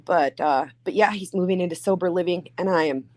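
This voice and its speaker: A woman's voice: on the low side, a little fast, darkish tone, no echo. Middle-aged woman, earnest explainer in casual chat; dry, close sound. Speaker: guest in a chat.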